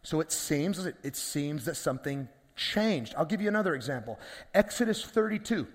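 High-voiced pastor preaching in a reverberant hall. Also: male voice, expressive, normal speed. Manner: conversational preaching with rhetorical questions. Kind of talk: sermon. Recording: long reverb of a large hall.

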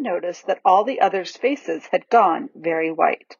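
A woman narrating a children's storybook aloud with an expressive, varied delivery, on a dull lo-fi recording. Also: on the low side, unhurried, creaky, few pauses, breathy edge, no room sound. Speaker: audiobook reader.

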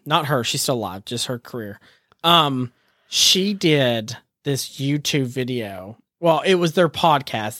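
A podcast host chatting casually, telling stories with quick asides and jokes. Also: mid-range voice, dry recording, studio quality. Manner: animated storyteller, quick asides, jokey. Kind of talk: casual chat.

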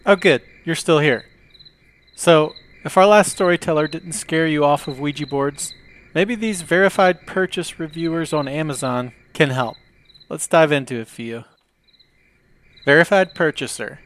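Guy hosting a podcast, reads reviews out with dry jokes, voice on the higher side. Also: a little slow, fairly bright tone, a little hiss or hum. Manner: reads listener reviews aloud with dry humor. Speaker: podcast host.

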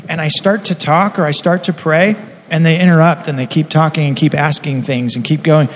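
A man's voice: fairly high pitch, fairly even intonation, fairly quick, low-quality recording. A man preaching a sermon in an earnest, conversational way, acting out quotes as he goes.

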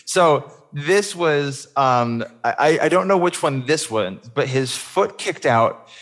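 A man's voice: a little high, lively intonation, slow, fairly bright tone. A man co-hosting a podcast, telling stories with animation and laughing often in casual chat. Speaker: podcast co-host.

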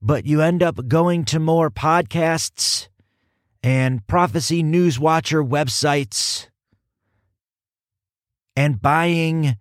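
A man hosting a casual podcast and teaching the Bible, animated and emphatic, often repeating words for stress and poking fun at himself. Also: fairly high pitch, drawn-out words, long pauses, no echo, studio quality. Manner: animated, self-mocking, emphatic repetition.

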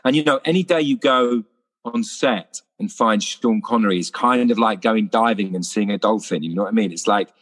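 Lively man telling anecdotes. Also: fairly low pitch, moderate pace. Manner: lively storyteller, acts out voices. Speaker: actor guest. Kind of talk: casual anecdotal chat.

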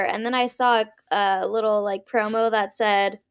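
A woman's voice: mid-range voice, fairly even intonation, moderate pace, clear, resonant tone. A young woman co-hosting a podcast, chatting bluntly and swearing freely while she trades gossip and questions. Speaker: podcast co-host. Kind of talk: casual gossip chat.

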